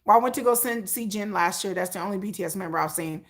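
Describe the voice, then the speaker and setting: A woman hosting a casual livestream, telling a long story in an animated, chatty way, rambling with restarts and acting out little asides. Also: medium pitch, quick pace. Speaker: livestream host.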